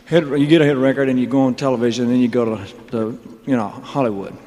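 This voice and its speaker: A man in his thirties holds forth from a stage in a loose, joking ramble, his mid-pitched voice carrying a long hall echo. He is a singer telling his own story, peppering every line with "man" and "you know". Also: steady tone, quick pace, warm tone.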